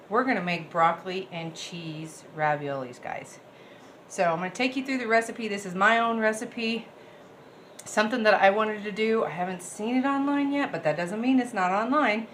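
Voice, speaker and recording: Over a little hiss or hum, this woman's mid-range voice chats away as she cooks at home for her vlog. Bubbly and rambling, she addresses her viewers straight on in a relaxed, talkative cooking video.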